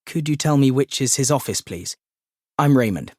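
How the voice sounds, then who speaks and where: A man's voice: medium pitch, lively intonation, normal speed, a little mellow, no echo, clean studio sound, natural voice. Man reading a courteous, slightly unsure young Englishman, audiobook. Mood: polite. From England. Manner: polite, apologetic. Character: polite young Englishman new in town.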